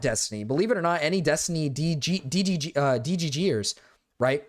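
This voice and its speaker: Male streamer, excitable reaction-stream delivery, stammers, curses, dry close sound. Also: on the high side, moderate pace, no echo. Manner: excitable, stammering, swears often.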